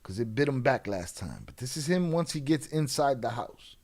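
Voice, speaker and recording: A man's voice: mid-range voice, very animated, moderate pace, a little mellow. A man hosting a live show, giving casual, profane commentary in street slang on crime videos. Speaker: host.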